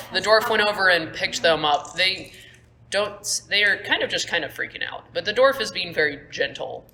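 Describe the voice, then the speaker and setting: A woman's voice: fairly low pitch, expressive, a little slow, bright, forceful tone. A young woman narrating a tabletop game as game master, casual and rambling, recorded on a phone at school. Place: school room.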